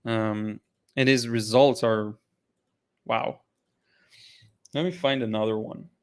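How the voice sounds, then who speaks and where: A man's voice: on the low side, fairly even intonation, moderate pace, a little mellow, clear, resonant tone. A man hosting a live art Q&A, chatting casually and enthusiastically about paintings, a little tired and full of restarts. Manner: enthusiastic, rambling with restarts and fillers. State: tired, yawning. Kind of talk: casual livestream chat.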